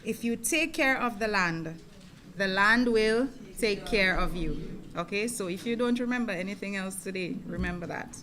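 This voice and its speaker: A woman's voice: medium pitch, moderate pace, fairly bright tone. A woman emceeing a ceremony, thanking the speaker and announcing the next item. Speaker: master of ceremonies.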